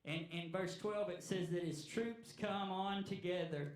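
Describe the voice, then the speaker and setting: A man preaching a sermon in earnest, halting speech with many repeated words. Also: high-pitched, recorded from a distance. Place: church hall. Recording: echoey room, voice from afar.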